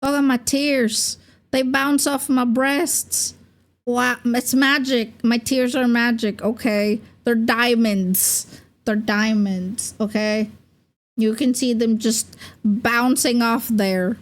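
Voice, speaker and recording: A young woman streaming as a VTuber in loose, rambling chat. Her voice sits a little high and she takes her time, drifting between thoughts with plenty of "like" and quick giggles. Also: steady tone. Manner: rambling, giggly, full of fillers. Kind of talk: casual livestream chat.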